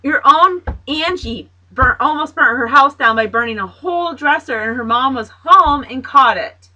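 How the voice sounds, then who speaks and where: Angry mother, high and bright, lecturing and cursing; captured off-mic at home. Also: expressive, moderate pace, far from the mic, dull audio. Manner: scolding, swearing, lecturing. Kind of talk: heated family argument.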